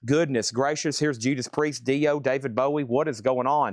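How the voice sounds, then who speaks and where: A man selling vinyl on a live stream, calling out titles and prices in quick bursts. His voice sits in a middle pitch, and he breaks in often with surprised exclamations. The sound is dry and close, with no room echo. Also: steady tone. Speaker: record seller running a live auction. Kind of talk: live online sales stream.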